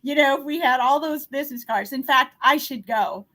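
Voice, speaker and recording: A woman's voice: high-pitched, normal speed, fairly bright tone. A woman who joins a radio show as a guest and talks in a playful, teasing way. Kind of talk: casual radio chat.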